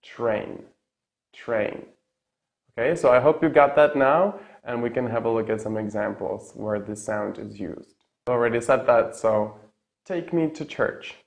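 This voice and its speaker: A man with Czech as his first language teaching English pronunciation in a casual lesson, repeating example words slowly and tagging sentences with "yeah?". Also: medium pitch, fairly even intonation, vocal fry. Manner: tags sentences with a questioning "yeah?".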